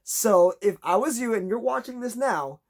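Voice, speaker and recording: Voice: mid-range voice, expressive, normal speed. A vlogger telling a long, exasperated story in a casual rant, acting out conversations in a raised voice.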